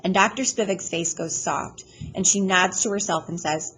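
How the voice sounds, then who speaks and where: A woman reading a first-person audiobook chapter aloud in a plain, steady storytelling manner. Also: on the low side, normal speed, slight background noise, rough recording. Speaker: audiobook reader.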